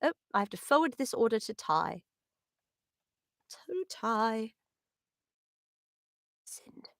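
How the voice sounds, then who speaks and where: A woman's voice: fairly high pitch, very animated, takes it slowly, fairly bright tone, no echo, clean studio sound. A young adult woman, a voice actor, chatting casually on a livestream, answering fan questions with many ums and giggles.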